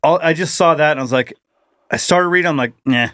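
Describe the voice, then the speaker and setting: A man's voice: a little high, quick pace, a bit bright, no echo. A man co-hosting a casual comedy podcast, laid-back and wry with dry one-liners. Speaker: podcast co-host.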